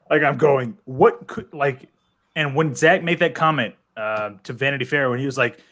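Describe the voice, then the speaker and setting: A man in his thirties hosting a casual podcast chat, animated, laughing often and filling his talk with "like" and "dude". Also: mid-range voice, moderate pace. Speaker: podcast host.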